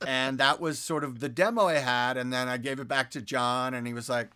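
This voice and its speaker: A man, a guest voice actor, talking through animated anecdotes in a casual studio interview, with plenty of fillers and restarts. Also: medium pitch, fairly quick, few pauses, clear, resonant tone. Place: podcast studio.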